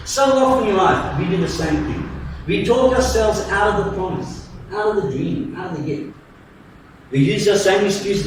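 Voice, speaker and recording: Preacher in an echoey church, far off. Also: male voice, high-pitched, lively intonation, moderate pace, slight background noise. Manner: storytelling, acts out voices with jokes. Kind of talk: sermon. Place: church hall.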